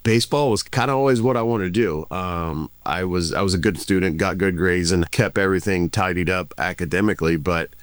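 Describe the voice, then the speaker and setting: A man in his forties who used to pitch baseball answers interview questions in a relaxed, reflective way, often restarting his sentences. He talks fairly quickly with hardly any pauses, and there's no room sound in this casual interview.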